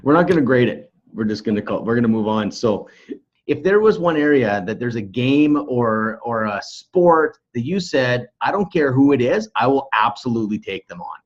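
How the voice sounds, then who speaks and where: A laid-back man hosting a podcast, chatting casually and laughing easily. His voice is husky and a little breathy, and the recording sounds dull and lo-fi. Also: medium pitch, expressive, moderate pace. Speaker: podcast host. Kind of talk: casual interview chat.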